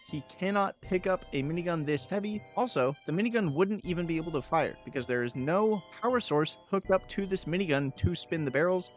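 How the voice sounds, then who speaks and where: A young man doing voice-over commentary on a video game, sarcastic and deadpan, billing characters fake medical costs. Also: a little high.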